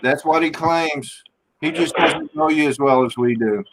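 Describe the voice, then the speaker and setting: A man hosting a livestream, reading out viewer comments in a relaxed way. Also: fairly high pitch, moderate pace, noisy background. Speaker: stream host reading chat. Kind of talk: casual chat.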